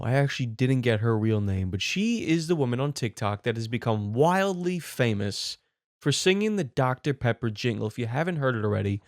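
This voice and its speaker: Brash, profane comedy host. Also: male voice, medium pitch, no room sound, clean studio sound. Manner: brash, profane, mock-exasperated riffing. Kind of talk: comedic news commentary.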